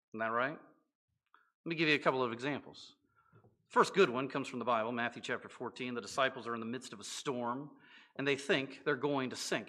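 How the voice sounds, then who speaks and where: Bright, high-voiced male pastor preaching. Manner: conversational preaching with rhetorical questions and playful asides. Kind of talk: sermon. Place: church.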